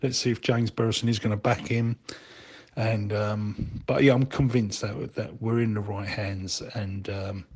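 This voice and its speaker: A man's voice: on the low side, fairly even intonation, a little slow, slightly rough. A man leaving a casual voicemail, hesitant and stumbling, with many fillers and restarts.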